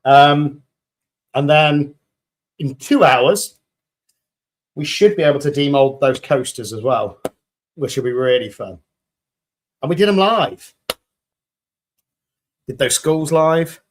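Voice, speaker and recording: A man's voice: on the high side, expressive, takes it slowly, long pauses. A man hosting a resin crafting livestream, chatting casually with viewers in an upbeat, jokey way. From United Kingdom. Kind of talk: casual livestream chat reading viewer comments.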